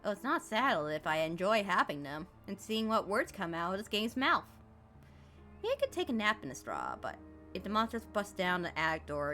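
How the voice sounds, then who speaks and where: Woman, streamer, reading game text aloud, jokey playful commentary, very animated pitch.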